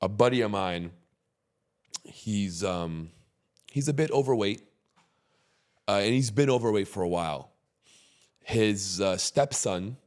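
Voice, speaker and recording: A man with a somewhat low voice hosts a relaxed podcast chat. He talks emphatically, lifting his energy when he drives a point home, and drops casual swearing along the way. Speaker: podcast host.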